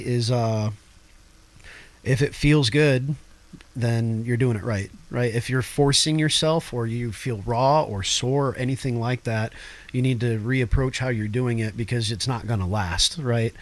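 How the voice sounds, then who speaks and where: Male guest vocalist, mid-pitched, talkative and laughing easily; casual interview. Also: moderate pace. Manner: laughs often, animated and talkative.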